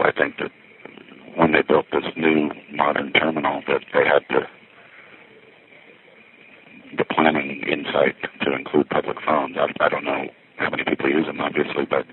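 A man's voice: rumbling low, slight background noise. A man musing and meandering as he walks through a busy city, recording himself on a phone and a little winded. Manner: musing, meandering, self-interrupting. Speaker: vlogger. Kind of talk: rambling walking vlog. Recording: tinny phone-like recording with faint music.

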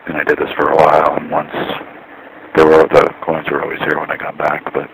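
A man's voice: very deep voice, monotone, fairly quick, vocal fry. A man talking in a rambling, dry, self-deprecating way, recorded outdoors by a parking lot with traffic noise behind. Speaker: vlogger. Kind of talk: rambling casual monologue.

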